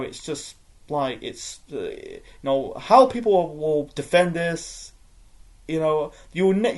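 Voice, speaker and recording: A man's voice: a little high, darkish tone. A man giving a rambling, profane spoken wrestling review, full of fillers and restarts.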